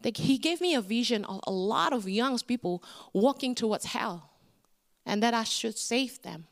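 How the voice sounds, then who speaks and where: A middle-aged woman, a guest speaker telling her story in an animated sermon with big swings in pitch. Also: normal speed. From Indonesia.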